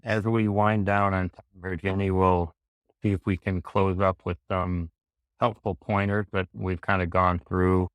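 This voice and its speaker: Deep, flat-voiced male podcast host. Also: no room sound. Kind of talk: casual podcast chat.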